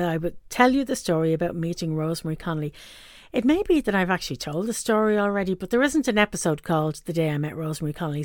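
A woman's voice: on the low side, a little mellow, no room sound, clean studio sound. A middle-aged woman, hosting a podcast and telling a story in a chatty way, laughing often. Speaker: podcast host. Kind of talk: casual storytelling.

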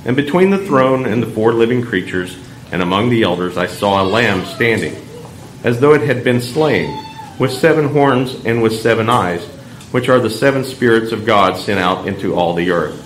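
Low-voiced man reading scripture, echoey. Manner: measured, solemn reading voice. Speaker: lector. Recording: echoey church room, faint background hum.

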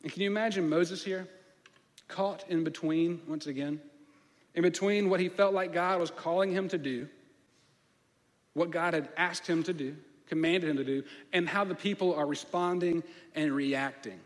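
Guy preaching a sermon, pretty high voice, asks lots of questions, long hall echo behind him. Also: normal speed. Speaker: pastor.

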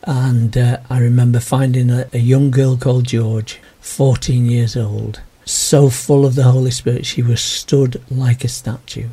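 An older man, telling his personal story in an interview in a gentle, earnest way. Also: medium pitch, flat delivery, unhurried, hardly any pauses, husky. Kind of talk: reflective personal testimony.

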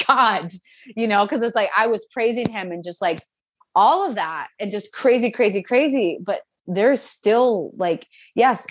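A young woman telling her personal faith testimony in an interview, animated and full of fillers, acting out what others said. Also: low-pitched, dry recording. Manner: animated storytelling, acts out quotes, many fillers. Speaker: guest.

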